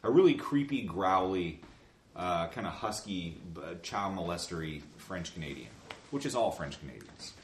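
Low, animated man in an echoey room. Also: normal speed, a little hiss or hum. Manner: animated, crude and joking, stumbling restarts. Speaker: podcast co-host. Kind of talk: casual chat about movies.

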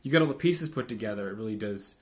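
A man in casual conversation, talking in a halting, musing way with frequent restarts. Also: fairly low pitch, animated. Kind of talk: casual chat.

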